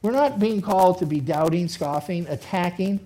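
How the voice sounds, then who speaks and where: A man, a pastor, preaching a sermon in a lively, conversational way, acting out imagined speakers. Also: high-pitched, normal speed. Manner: animated, acts out imagined speakers. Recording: faulty recording.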